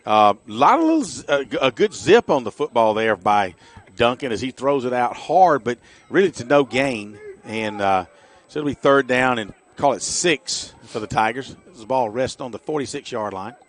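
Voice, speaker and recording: A middle-aged man giving chatty, folksy color commentary on a high school football game for radio. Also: animated, moderate pace. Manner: folksy, chatty, jokey asides.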